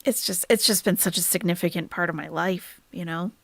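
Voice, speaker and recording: A woman with a fry-edged voice talks loosely to her livestream audience, shifting between soft-spoken comments and blunt, profane remarks. She sounds close to a desk mic in a dry, deadened room. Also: fairly low pitch, steady tone, brisk, no echo. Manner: chatty, swings from soft sympathy to blunt profane ranting. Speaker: reaction livestream host.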